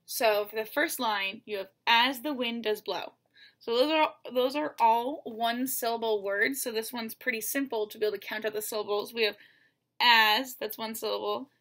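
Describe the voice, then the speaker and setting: A woman's voice: fairly high pitch, normal speed, fairly bright tone. A woman teacher giving a recorded lesson, patiently counting syllables one by one and speaking straight to her students. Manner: addresses students directly.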